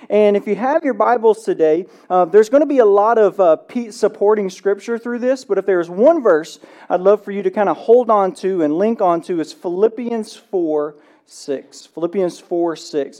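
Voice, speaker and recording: A pastor preaching a sermon in a church. He tells stories with lively acted-out dialogue and drops to a hushed, slow voice in prayer. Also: high voice. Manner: animated storytelling, acts out movie dialogue. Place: church sanctuary.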